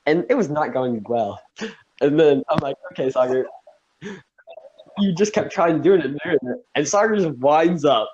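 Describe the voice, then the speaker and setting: A man's voice: fairly high pitch, animated, normal speed, darkish tone, a little hiss or hum. A man telling a story in a casual podcast chat with friends, acting out his own reactions with lots of energy. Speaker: podcast co-host. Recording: dull lo-fi faulty mic.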